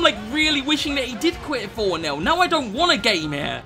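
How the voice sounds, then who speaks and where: A man giving lively, excitable gameplay commentary, swearing freely and calling his viewers lads. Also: extremely high pitch, a little fast, hardly any pauses, faint music behind. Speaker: gaming YouTuber.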